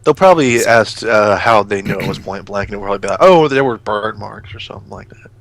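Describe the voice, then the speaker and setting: Young guy doing a let's play, jokey, lowish voice but bright. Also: fast talker. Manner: joking, laughs easily. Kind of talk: casual gaming chat.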